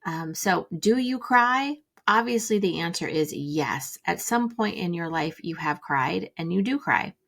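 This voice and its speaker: A woman hosting a reflective solo talk, speaking gently and musingly with many fillers. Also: lowish voice, lively intonation, unhurried, creaky, hardly any pauses. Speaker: podcast host.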